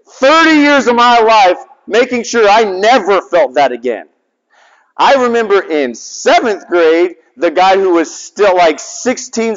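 Man, 40s, chaplain, sermon, lively pitch, long hall reverb. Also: lo-fi sound. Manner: animated storytelling with quick swings from loud to soft.

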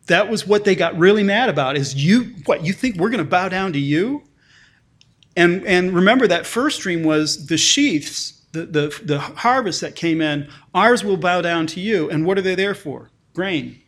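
With a high, expressive, slightly bright voice at a moderate pace, a male pastor gives a conversational sermon. He keeps restarting and repeating words, and reads scripture passages aloud with lifted emphasis.

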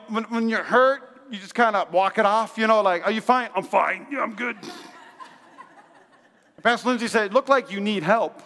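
A man's voice: high-pitched, bright, forceful tone. A male pastor in his thirties preaching a sermon and telling a personal story in a chatty way, full of fillers and restarts. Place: large church hall. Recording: long hall reverb.

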